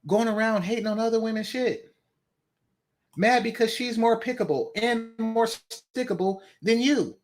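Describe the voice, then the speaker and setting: A man's voice: high voice, measured pace. A man from the San Francisco Bay Area hosting a reaction video, mocking and laughing at a clip and swearing often. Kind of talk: profane reaction commentary.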